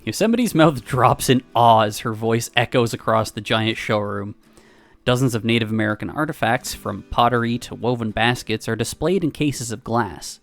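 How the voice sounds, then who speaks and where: A man streamer reading a visual novel aloud with wry, animated storytelling. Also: mid-range voice, moderate pace, soft background music.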